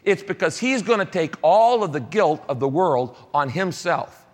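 A man preaching a sermon as pastor, emphatic, repeating key phrases and moving between soft and raised delivery. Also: fairly high pitch, expressive, moderate pace, long reverb tail.

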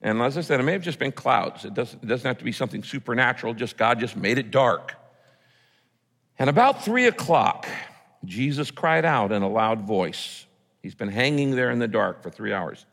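A male pastor delivers an earnest sermon, his voice sitting at an ordinary middle pitch. He climbs to loud cries and sinks to hushed, quiet quotes. A long reverb trails each phrase, as in a large hall. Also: animated, moderate pace, gravelly.

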